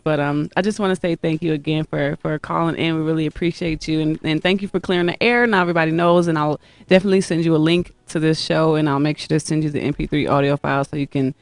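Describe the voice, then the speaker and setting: A woman's voice: deep voice, no echo. A woman hosts a radio show in a chatty, easygoing way, laughing often and backing up her guest with "mm-hmm". The recording is dry and close, with no room sound. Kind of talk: casual radio interview.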